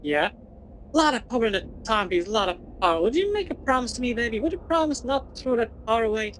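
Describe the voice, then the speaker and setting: A man's voice: very high voice, lively intonation, quick pace, a bit bright, a little hiss or hum, low-quality recording. A woman voicing a laid-back male beatnik hipster from a video game, full of slang and calling people baby. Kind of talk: reading game dialogue aloud in a put-on voice.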